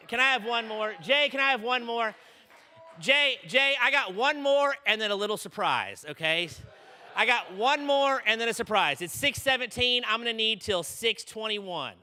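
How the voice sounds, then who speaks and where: A man's voice: sits high, sharp tone. A man preaching to students, telling a story energetically and often checking in with "okay?". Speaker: conference speaker. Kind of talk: sermon. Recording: long reverb in a large hall.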